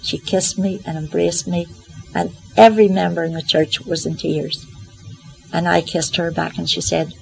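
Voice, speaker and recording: Gravelly older woman telling a story. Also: lowish voice, flat delivery, normal speed, soft background music, low-quality recording. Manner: earnest, gently humorous, reflective. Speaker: Christian Science practitioner. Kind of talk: personal testimony storytelling.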